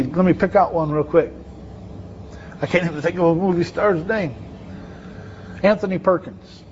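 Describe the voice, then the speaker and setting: Man preaching, high voice, chatty sermon, questions to the audience, dull lo-fi recording. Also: a little hiss or hum. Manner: conversational, asks the audience questions.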